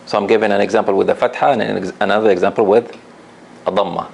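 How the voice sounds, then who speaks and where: A man teaching Quran recitation to a class, patient and repeating each example slowly while asking the students questions. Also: on the low side, steady tone, creaky, a little hiss or hum. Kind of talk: classroom lesson.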